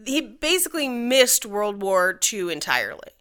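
Woman podcast host, casual history storytelling, wry asides, bright voice. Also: mid-range voice, very animated, moderate pace. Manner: chatty, laughs often, wry asides.

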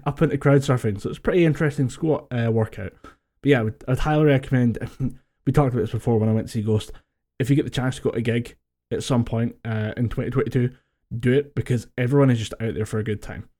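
A man's voice: mid-range voice, fast talker, mellow. A Scottish man co-hosting a podcast, chatting casually, laughing a lot and swearing freely as he tells stories over a voice call. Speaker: podcast co-host. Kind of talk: casual chat. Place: home, recorded over a voice call.

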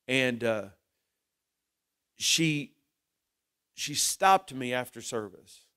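A middle-aged male pastor preaching a sermon in an earnest way, rising loud and then dropping low and emotional. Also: expressive, drawn-out words, clean tone.

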